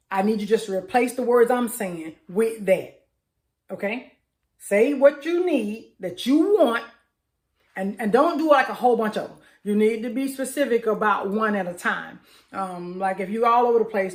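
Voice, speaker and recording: A middle-aged woman, a mindset strategist, giving an emphatic, hyper motivational talk and repeating affirmations with rising excitement. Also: medium pitch. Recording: echoey room.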